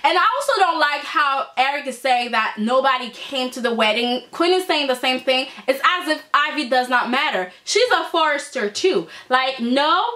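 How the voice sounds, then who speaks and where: Bright, high-voiced woman chatting casually. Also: normal speed, few pauses. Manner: animated and opinionated, lots of fillers. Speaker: soap opera reviewer. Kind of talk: casual chat.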